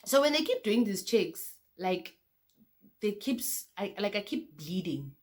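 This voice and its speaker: A woman's voice: mid-range voice, sing-song, measured pace, darkish tone. A young woman with a South African accent telling a personal story to camera in a chatty, casual way, often calling out to her viewers. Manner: chatty, addresses viewers as guys, repeats "okay, cool" between beats. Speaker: vlogger.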